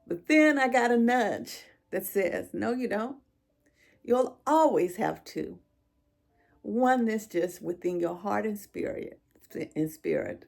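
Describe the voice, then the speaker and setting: Speaking at medium pitch with lively intonation and a gravelly edge, a middle-aged woman vlogger shares an emotional, heartfelt talk with her viewers. She often halts and starts over.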